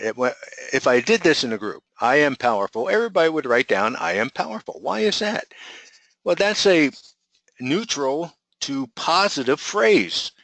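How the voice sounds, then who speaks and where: Bright-voiced male coach teaching a webinar. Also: mid-range voice, dry recording, rough recording. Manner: energetic, rhetorical questions to the audience.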